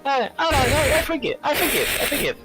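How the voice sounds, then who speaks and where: A man's voice: very high-pitched, sing-song, fast, sharp tone, faint music behind, heavily acted, rough recording. A man voicing a blunt, dim-witted tough male street cat. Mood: brash. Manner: brash, blunt, simple-minded.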